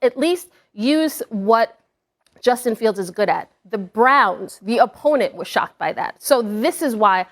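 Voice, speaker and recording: A woman's voice: on the high side, expressive. Firm, emphatic woman analyst. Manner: firm, emphatic, deliberate points. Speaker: sports analyst. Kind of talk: sports debate.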